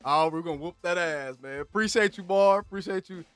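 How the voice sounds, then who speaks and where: A male podcast host wrapping up a casual sports talk show, relaxed and encouraging toward his caller. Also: sits high, a little fast, clean tone, dry recording, faint music behind. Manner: laid-back, hypes up the caller.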